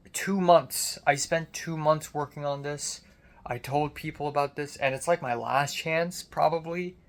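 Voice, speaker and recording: A young man, a college student, in a casual video diary, his voice deep and strained after screaming, frustrated and self-critical, swearing often. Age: young adult.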